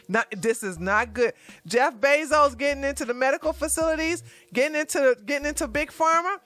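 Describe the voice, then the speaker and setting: A woman's voice: high voice, sharp tone. A woman hosting her own news commentary vlog, talking casually and animatedly to her viewers and laughing often.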